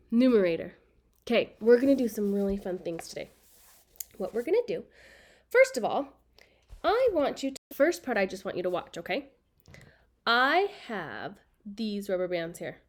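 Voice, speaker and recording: A woman's voice: medium pitch, very animated, normal speed, pauses often. A woman teaching a children's math lesson, speaking patiently and repeating key words so students can write them down.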